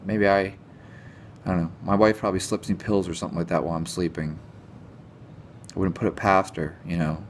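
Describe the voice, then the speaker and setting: A man's voice: deep voice, normal speed, long pauses, slight background noise. A man ranting casually to camera about nutrition, sarcastic and exasperated, and he swears now and then. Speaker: nutrition vlogger.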